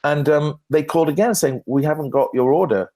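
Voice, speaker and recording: A man, a branding expert guest at a conference Q&A, telling lively anecdotes with self-deprecating humor and frequent restarts. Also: a little high, fairly quick. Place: conference stage.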